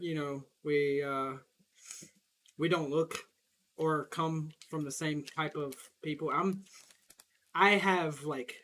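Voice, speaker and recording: Southern young guy rambling while gaming, kinda high voice, swears a lot, laughs a bunch. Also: bright, forceful tone. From Southern United States. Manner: rambling, profane, laughs often. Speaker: gaming streamer. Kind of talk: casual chat while gaming.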